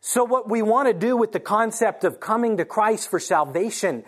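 Animated preacher dramatizing scripture stories. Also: mid-range voice. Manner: animated storytelling, acting out quoted lines; slows down to stress key points. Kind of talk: sermon. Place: church morning service.

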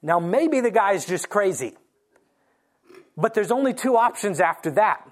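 A preacher delivering a morning sermon, telling scripture stories with lively acted-out quotes and slowing down to stress key points. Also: mid-range voice. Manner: animated storytelling, acting out quoted lines. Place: church morning service.

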